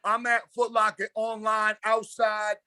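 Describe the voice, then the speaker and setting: A man's voice: high-pitched, a little slow, dry recording. A man from Brooklyn with a New York accent, telling stories as a basketball coach in a casual interview, full of slang and acted-out dialogue. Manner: animated, slangy storyteller acting out dialogue.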